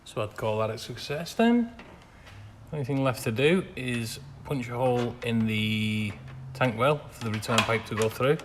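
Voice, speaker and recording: A man's voice: medium pitch, animated, moderate pace, slight background noise. A man narrating his classic car restoration work in a garage workshop, grumbling with dry sarcasm between practical explanations.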